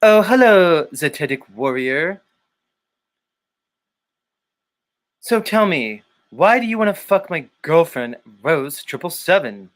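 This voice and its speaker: A man doing an impression of a stiff, theatrical online show co-host who speaks in a slow, over-emphatic, robotic way. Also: on the high side, very animated, fairly bright tone. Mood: smug.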